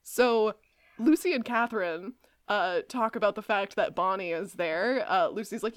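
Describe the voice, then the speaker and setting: A woman's voice: mid-range voice, measured pace, no echo, studio quality. A young woman co-hosting a podcast, chatting casually and giggling, with plenty of fillers. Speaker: podcast co-host. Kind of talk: casual recap chat.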